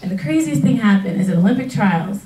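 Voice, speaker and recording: A woman, a retired track athlete, tells her story in a personal testimonial, animated and laughing often as she acts out past conversations. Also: medium pitch, quick pace. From United States. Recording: roomy sound from a distance.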